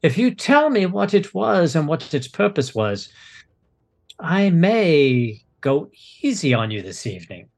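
A man voicing a smooth, mocking male cult leader who speaks with quiet menace. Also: fairly high pitch, big pitch swings, unhurried, voice pushed up, full character voice. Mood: silky menace.

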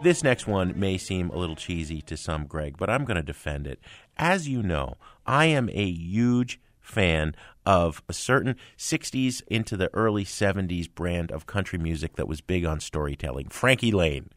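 A man co-hosting a radio music show, talking in a fairly low voice with eager, emphatic storytelling. His voice is recorded close and dry. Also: animated, moderate pace, dry recording. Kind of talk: music review chat.

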